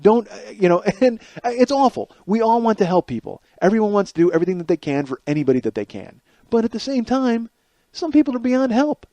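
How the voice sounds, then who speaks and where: A comedian hosts his own podcast alone, riffing through an exasperated and sarcastic monologue laced with profanity. His voice sits high for a man. The recording is close and dry, with no room sound. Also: sing-song, a little fast, dark tone, dry recording.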